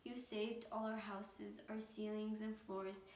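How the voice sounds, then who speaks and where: A woman's voice: mid-range voice, level tone, slow, darkish tone, a little hiss or hum. A woman voicing a tiny, grateful male town mayor in a storybook, with an eager, piping delivery. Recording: echoey room, mic at a distance.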